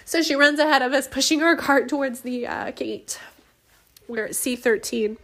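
A woman's voice: high voice, normal speed, fairly bright tone. A woman telling a heartfelt personal story as a mother, emotional and laughing often, with many restarts.

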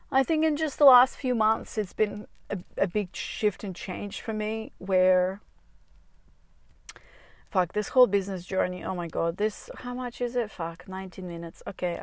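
A woman's voice: mid-range voice, dry recording. Brief: woman dating-coach podcaster, raw confessional monologue, salty language, close dry mic in a parked car. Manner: confessional, rambling, swears freely. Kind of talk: candid solo podcast monologue. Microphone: small clip-on mic on a phone.

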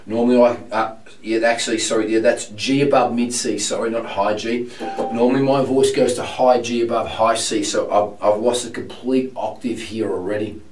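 Brief: hoarse, ailing male vocal coach, frank and explanatory, recorded at a distance in a roomy space with music clearly audible. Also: fairly low pitch, fairly even intonation, moderate pace, a little mellow. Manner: frank, explanatory, with many filler ums. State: hoarse, sick with laryngitis. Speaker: singing teacher. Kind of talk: vocal lesson demonstration.

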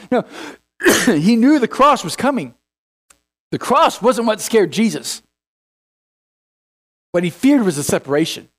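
A man's voice: sits high, sing-song, normal speed, pauses often. A man preaching a sermon as pastor, in a folksy, conversational way full of restarts, acting out the figures he quotes. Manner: acts out biblical figures in quoted voices.

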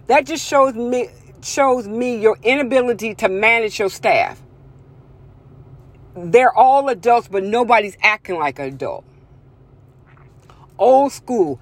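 A woman's voice: fairly high pitch, a little slow, pauses often. A woman delivering a blunt, profane personal rant, emphatic and repetitive, swearing freely as she vents.

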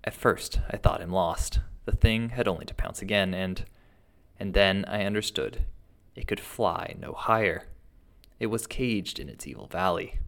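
A man reading a first-person ghost tale aloud in a steady, dramatic storytelling manner. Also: low voice, measured pace, gravelly. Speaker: narrator.

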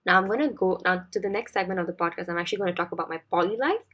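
A woman's voice: on the low side, rapid-fire, fairly bright tone. A young woman in her twenties with a Singaporean English accent, telling a personal story as a podcast host in a chatty, confiding way.

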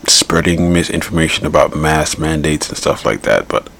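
Very deep, gravelly male podcast host. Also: lively intonation, normal speed, fairly bright tone, a little hiss or hum. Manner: blunt, rambling, repeats himself. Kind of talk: casual political commentary.

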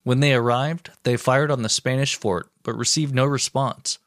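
A man co-hosting a podcast, reading a history story aloud with wry, deadpan asides. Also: mid-range voice, moderate pace, dry recording. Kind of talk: reading history narration with jokes.

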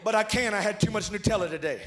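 High-voiced preacher shouting in an echoey hall. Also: male voice, fast talker. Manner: rhythmic preaching, swings from hushed to shouting; joking asides to the crowd. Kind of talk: revival sermon. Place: large church hall.

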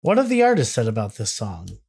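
A man's voice: on the low side, wildly swooping pitch, a little fast, creaky, a little mellow, husky. A man co-hosting a podcast in casual chat, rambling with restarts and laughing easily. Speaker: podcast co-host.

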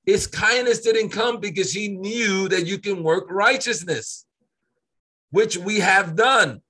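A man in casual Bible-study conversation, reading scripture slowly and pressing his points with earnest repetition. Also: high-pitched, sharp tone, husky. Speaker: co-host of a faith discussion.

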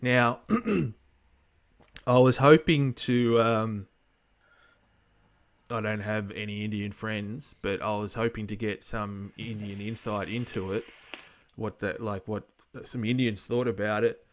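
A man's voice: fairly low pitch, steady tone, slow. An Australian man co-hosting a podcast, rambling bluntly in casual chat and swearing now and then. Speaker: podcast co-host.

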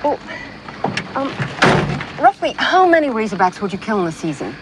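A woman's voice: a little high, sing-song, moderate pace. A nervous young woman reporter. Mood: flustered. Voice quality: hesitant, stammering. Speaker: animal-rights interviewer in a film clip. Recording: film audio with clear background noise.

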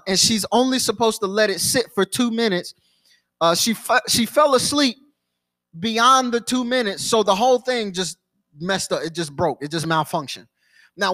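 Pastor, young adult man, high voice, sermon storytelling with repeated phrases. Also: fairly bright tone.

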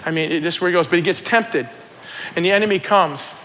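A middle-aged man preaching a sermon, building from casual talk into excited shouting. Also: sits high, fast, slight background noise. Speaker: pastor. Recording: long church reverb.

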